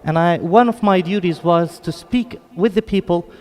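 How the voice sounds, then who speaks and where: A man's voice: high voice, moderate pace, a little mellow. A man from Jerusalem with a British-tinged English accent, giving an earnest, chatty lecture to a mosque audience with apologetic asides. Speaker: guest lecturer. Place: large hall at an Islamic center. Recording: long echo of a big hall.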